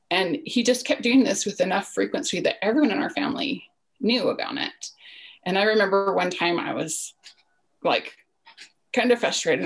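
A woman's voice: mid-range voice, normal speed, vocal fry, slightly rough, rough recording. A woman in her forties, a podcast guest, telling a personal story in an earnest, reflective way that sometimes sinks to a near-whisper.

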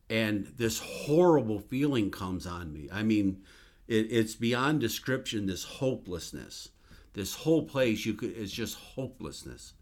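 A man who is a minister, sharing a religious testimony in an earnest, emphatic storytelling manner. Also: on the low side.

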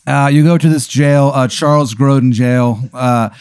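A man's voice: mid-range voice, moderate pace, a little mellow, clear, resonant tone, no echo, clean studio sound. A man hosting a podcast, improvising a comic story in a rambling, profane way, full of fillers. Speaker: podcast host.

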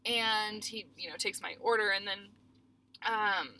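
A woman's voice: medium pitch, measured pace. A young woman co-hosting a podcast, casually chatting and telling an anecdote while acting out the quotes. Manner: animated anecdote teller, acts out quotes. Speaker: podcast co-host. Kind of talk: casual chat, storytelling.

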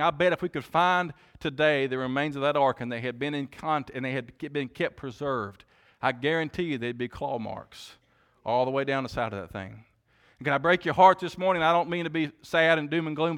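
A man preaching a sermon, impassioned, naming members of the congregation as he goes and swinging from loud peaks to hushed lines. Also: mid-range voice. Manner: impassioned, builds to shouting climaxes then drops quiet; Southern preacher cadence, addresses congregation members by name.

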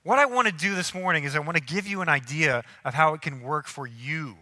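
A man preaching a sermon as a pastor, telling lively stories and acting out the people in them. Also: fairly high pitch, brisk. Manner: animated storytelling, acting out people in anecdotes. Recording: long hall reverb.

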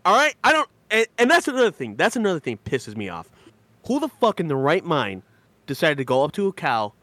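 A man's voice: on the high side, huge pitch swings, a little fast, sharp tone, no echo. A man from Michigan co-hosting a podcast, joking and swearing in a mock-outraged way, often laughing. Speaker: podcast co-host. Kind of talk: casual comedic rant.

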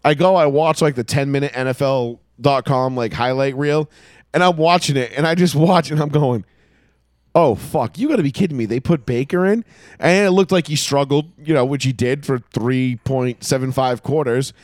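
A man co-hosting a casual podcast, telling a story in a profane, animated way. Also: medium pitch, moderate pace, no echo, studio quality. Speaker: podcast co-host. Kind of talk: casual chat.

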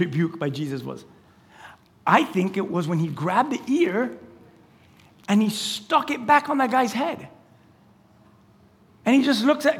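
A man preaching a lively, conversational sermon as pastor, acting out quoted lines and laughing along the way. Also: high-pitched. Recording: church hall with long reverb.

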